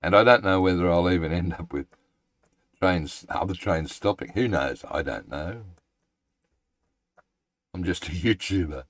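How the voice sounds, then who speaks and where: A man with a deep voice streams a game live, thinking out loud in a halting, rambling manner and chatting with his viewers. There's no echo on the recording.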